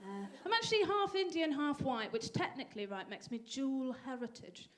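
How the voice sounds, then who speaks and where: A young woman from England performing a stand-up comedy set with a dry, self-deprecating delivery and sudden high bursts. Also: expressive, moderate pace, slight background noise. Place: comedy venue stage. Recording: live audience laughter.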